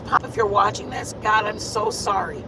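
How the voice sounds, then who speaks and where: A woman's voice: mid-range voice, fairly even intonation, moderate pace. A woman streamer giving a casual, sassy rundown, chatting and rambling with fillers, recorded on a phone camera inside a moving car. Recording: loud car road noise.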